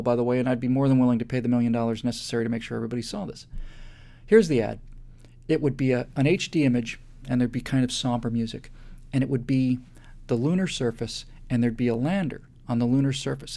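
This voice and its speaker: Fervent man with a gravelly voice. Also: mid-range voice, darkish tone. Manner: fervent, builds to emphatic repetition. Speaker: live show host. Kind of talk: impassioned monologue.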